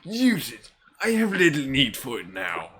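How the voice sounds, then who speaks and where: A man voicing a gruff old bearded shopkeeper who scolds and mentors a young boy, reading game dialogue aloud in a slow, deliberate way. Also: mid-range voice, wildly swooping pitch, fairly bright tone, slight background noise. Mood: stern.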